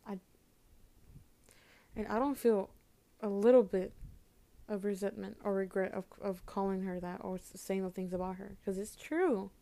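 A young woman venting to camera about her home life, halting and repeating herself as she holds back tears. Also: medium pitch, fairly even intonation, creaky, mellow. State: upset, holding back tears. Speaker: vlogger. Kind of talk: emotional personal vent to camera.

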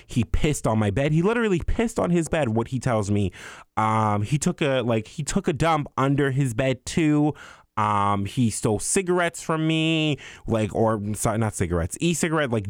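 A young man telling a story in a heated, profane rant, exasperated and animated as he vents. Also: medium pitch, clear, resonant tone, dry recording, studio quality. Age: young adult. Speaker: vlogger. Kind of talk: ranting storytime.

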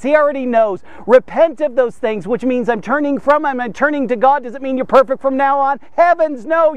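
A fervent male preacher with a very high-pitched voice delivers a devotional sermon straight to his listeners. His speech is emphatic and urging. The sound is close and dry, with no room around it. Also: clean tone, dry recording. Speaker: preacher and podcast host.

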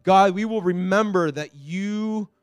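A man preaching a sermon in church, impassioned, rising high when he reads out the psalm, then leading a closing prayer. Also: unhurried, smooth, no room sound, clean studio sound, soft background music. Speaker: pastor.

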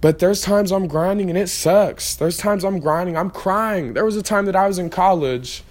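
A man's voice: sits high, moderate pace, a little mellow. A tired young man talking casually to his viewers in a rambling, motivational vlog pep talk full of fillers. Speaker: vlogger.

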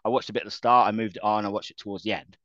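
A man's voice: lowish voice, steady tone, very fast, a bit bright, no echo, dull audio. A man chatting casually about wrestling as a podcast co-host, laughing often and restarting his sentences.

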